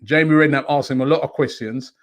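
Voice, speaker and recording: A man's voice: medium pitch, steady tone, fast. A man co-hosting a casual live football chat. He reads out viewer questions in an easygoing, hesitant way, with plenty of fillers. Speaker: show co-host reading viewer questions.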